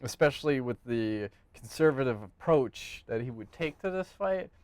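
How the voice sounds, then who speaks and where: A man co-hosting a podcast, talking fights in casual, profane, animated chat. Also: mid-range voice, normal speed, no room sound. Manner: profane, animated, breaks into joking bits. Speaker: podcast co-host.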